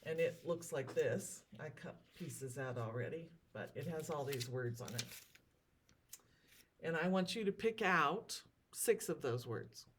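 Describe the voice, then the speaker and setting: A woman teacher giving a recorded lesson, sounding out words slowly and carefully. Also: deep voice, animated, fairly bright tone, a little hiss or hum. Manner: slow, drawn-out word sounding.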